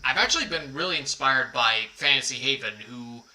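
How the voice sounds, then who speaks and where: A man's voice: medium pitch, animated, fairly quick, poor audio. A man casually chatting on a livestream as its host, rambling and apologetic, often poking fun at himself. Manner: rambling, apologetic, self-deprecating. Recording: background music under the voice. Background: quiet background music.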